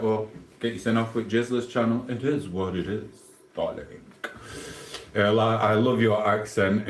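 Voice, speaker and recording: A man with a fairly low voice hosts a casual live stream, reading viewers' comments aloud. His delivery is blunt and offhand. The sound is roomy and echoey. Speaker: livestreamer.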